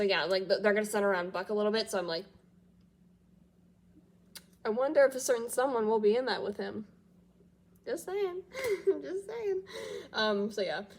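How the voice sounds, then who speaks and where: A stuffy-nosed woman chats through a casual fan reaction vlog, her voice a little nasal from congestion. She rambles freely, circling back on her own sentences with loose fillers. Light giggles keep slipping in between her thoughts. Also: mid-range voice. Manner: rambling, with frequent fillers and loops back on itself. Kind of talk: casual chat reacting to TV news.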